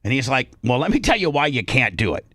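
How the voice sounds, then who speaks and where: A man's voice: mid-range voice, very animated, fast talker, fairly bright tone, dry recording. A brash male talk-radio host spins a story, playing out both sides of the argument in his telling. His voice sits in a middle range and is picked up close in a dry studio.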